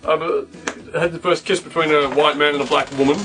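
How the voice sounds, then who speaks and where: Sarcastic crude guy riffing on a review, highish voice, music loud behind. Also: steady tone, a little fast. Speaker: co-host, film reviewer. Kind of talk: casual comedic chat.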